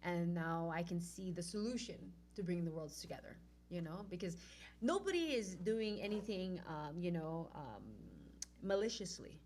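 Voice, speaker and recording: A woman telling a personal story in a casual, animated way, acting out the dialogue. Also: lowish voice, moderate pace, slight background noise. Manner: animated, acts out quoted dialogue.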